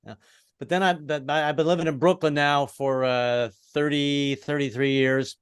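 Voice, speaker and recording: A middle-aged American man doing an online stand-up set, halting and restarting, with deadpan punchlines. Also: fairly high pitch, clean tone, dry recording, clean studio sound. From American East Coast. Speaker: stand-up comedian. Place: home in Brooklyn, online show.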